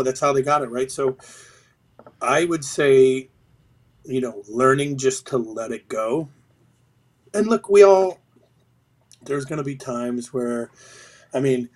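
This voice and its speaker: A middle-aged man talks as a podcast guest. He speaks bluntly and swears freely while he tells stories. His voice sits in a plain mid range. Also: medium pitch. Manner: blunt, profane, storytelling. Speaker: podcast guest, retired sergeant major. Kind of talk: casual interview chat.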